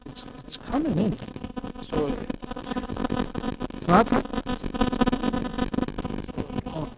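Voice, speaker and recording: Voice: high voice, lively intonation, drawn-out words, creaky, very noisy. A streamer chatting casually while gaming, rambling and joking and reading chat aloud. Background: game music.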